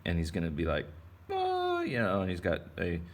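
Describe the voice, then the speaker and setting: Low gravelly guy from texas, rambly and goofy, teaching kids to draw fish. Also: fairly even intonation, quick pace. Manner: rambling, playful. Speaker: art teacher. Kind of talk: casual kids' drawing lesson.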